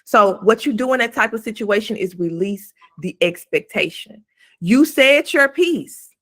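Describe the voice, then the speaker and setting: Bright-voiced, emphatic woman podcast host. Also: mid-range voice, lively intonation, unhurried. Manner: emphatic, blunt, swears freely. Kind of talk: casual advice talk.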